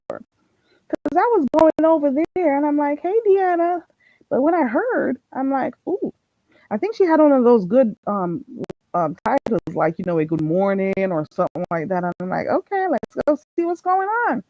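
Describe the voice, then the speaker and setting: Chatty woman livestreamer with a mellow voice. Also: medium pitch, no room sound, lo-fi sound. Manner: animated gossipy storytelling, quick laughs. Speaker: livestream host. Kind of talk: casual livestream chat, reading viewer comments.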